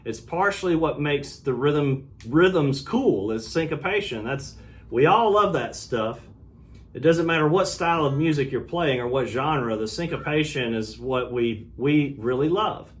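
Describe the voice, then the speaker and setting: A middle-aged man giving a relaxed, casual guitar lesson, explaining strumming and sometimes scatting the rhythm. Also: on the high side, a little slow. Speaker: guitar teacher. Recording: loud guitar under the voice. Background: acoustic guitar playing.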